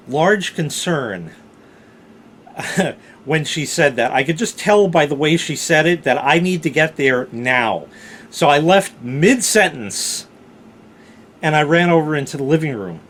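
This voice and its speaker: A man vlogger telling a personal story in a casual, profane way that grows animated and excited. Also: on the high side, slight background noise.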